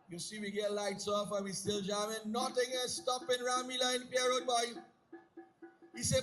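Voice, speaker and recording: High bright-voiced male commentator. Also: normal speed, low-quality recording. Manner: storytelling, lively, mixes narration with acted speech. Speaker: live commentator and narrator. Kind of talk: live folk-drama commentary.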